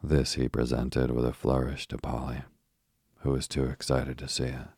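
Very deep, flat-voiced man reading a bedtime story. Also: slightly rough, no echo, clean studio sound. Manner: slow, soft and steady, for falling asleep. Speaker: narrator.

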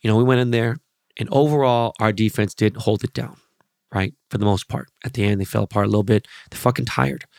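A man's voice: fairly low pitch, steady tone, a little fast, creaky, a little mellow, dry recording, studio quality. A man hosting a podcast, telling rambling, profanity-laced stories in a loose, casual monologue. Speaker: podcast host.

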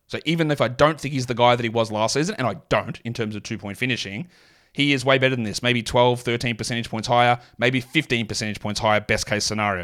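Aussie guy with a mild accent running his solo hoops fantasy podcast, mid-pitched, reeling off numbers. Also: a bit bright. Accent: mild Australian. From Australia. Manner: rapid stat-heavy delivery with asides. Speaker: fantasy basketball podcast host.

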